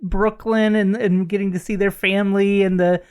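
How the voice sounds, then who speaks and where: Woman co-host, smooth clear voice, eager and rambling, casual chat. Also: mid-range voice, flat delivery, moderate pace, a little mellow. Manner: enthusiastic, rambling. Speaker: podcast co-host.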